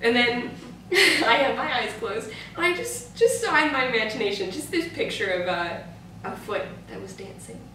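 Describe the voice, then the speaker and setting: A woman's voice: a little high, very animated, normal speed, few pauses, pushed and bright. A woman co-hosting a book club chat, telling a personal story animatedly with fillers and laughs. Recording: echoey room, far from mic, faint noise.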